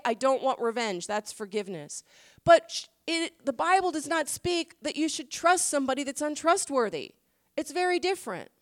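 A woman giving a conversational sermon, asking her listeners questions and reading scripture aloud. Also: fairly high pitch. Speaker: preacher.

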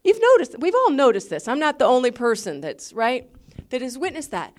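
Impassioned high-voiced woman preaching. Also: sing-song, fairly quick. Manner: passionate, emphatic, rhetorical questions. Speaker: Bible teacher. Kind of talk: sermon.

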